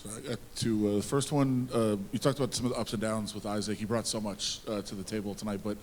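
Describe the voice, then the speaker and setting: A man, a reporter, asking questions at a press conference in rapid, halting phrasing. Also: lowish voice, fairly even intonation, darkish tone, big-room sound, a little hiss or hum.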